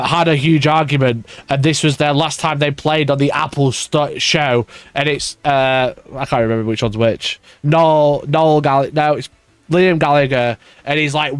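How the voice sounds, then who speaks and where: A man's voice: a little high, dry recording. A man hosting a casual wargaming live stream, ranting, swearing and laughing often. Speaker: wargaming channel host.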